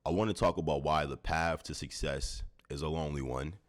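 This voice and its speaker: A young man vlogging to camera early in the morning, a bit tired, speaking in a thoughtful, unhurried way with many fillers. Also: very deep voice, steady tone. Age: young adult. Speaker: YouTuber. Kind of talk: reflective talking-to-camera vlog.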